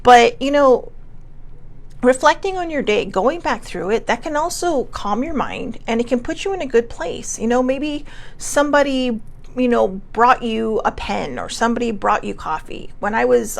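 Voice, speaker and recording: A woman's voice: on the high side, vocal fry. A woman in her forties hosting a casual self-care talk show, chatty and rambling, laughing often and a bit congested. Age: 40s. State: coughing, sinus congestion. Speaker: host.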